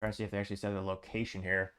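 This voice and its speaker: A man's voice: fairly low pitch, monotone, very fast, fairly bright tone, smooth. A man hosting a commentary show, reading social media posts aloud and adding offhand remarks. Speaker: show host.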